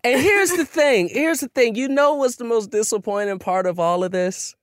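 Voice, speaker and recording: A man's voice: extremely high pitch, moderate pace, clear, resonant tone, no echo, studio quality. A man co-hosting a podcast, casual chat, arguing his point with lots of laughing and swearing. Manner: animated, laughing, profane, argumentative. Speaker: podcast co-host.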